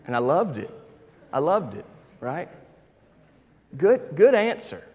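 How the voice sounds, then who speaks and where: A man's voice: on the high side, very animated, slow pace, a little mellow. A man in his thirties preaching a sermon in a conversational, storytelling manner with emphatic stretches. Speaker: pastor. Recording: reverberant hall.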